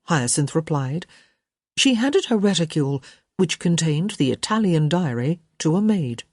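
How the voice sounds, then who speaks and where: A woman narrating a romance audiobook in measured scripted storytelling. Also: deep voice, lively intonation, a little mellow, husky, no echo, clean studio sound.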